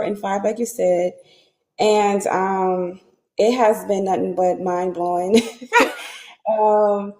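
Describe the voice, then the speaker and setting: Dark-voiced woman on an echoey call. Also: mid-range voice. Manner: earnest, asks "you know what I'm saying?". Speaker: member of a reading group. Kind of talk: casual group discussion over a call. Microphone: Bluetooth headset.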